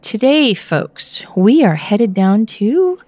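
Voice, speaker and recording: Slow, playful woman podcast host. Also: on the high side, big pitch swings, a little mellow, dry recording. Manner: playful, laughs often. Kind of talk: casual chat.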